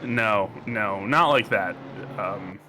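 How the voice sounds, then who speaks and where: A man's voice: on the low side, bright, forceful tone. A man with an American accent giving casual, joking commentary on a sim race. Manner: jokey, rambling, quick to banter. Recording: noisy stream audio.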